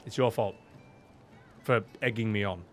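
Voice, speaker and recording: A young man streaming a game, chatting casually and excitably to his viewers with laughs and apologies. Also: on the low side, unhurried, faint music behind. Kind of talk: casual game commentary to chat.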